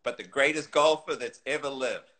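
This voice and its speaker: A male golf tournament announcer on the first tee, calling out players to the crowd in a grand announcing manner, as a man retells it. The voice sits at an ordinary middle pitch. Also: normal speed, pushed and bright, close to an everyday voice. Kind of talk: anecdote with quoted announcer.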